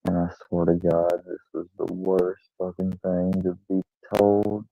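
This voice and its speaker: A man's voice: sits low, flat delivery, a little slow, vocal fry, dry recording, soft background music. A man hosting his own channel, telling a rambling, profane, self-deprecating story in casual chat. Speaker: channel host. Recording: dull lo-fi recording.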